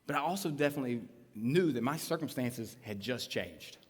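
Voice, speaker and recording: Animated pastor in a big hall. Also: male voice, medium pitch, brisk, husky. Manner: animated storytelling with voiced quotes. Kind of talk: sermon storytelling. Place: church auditorium. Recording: live sermon in a large hall.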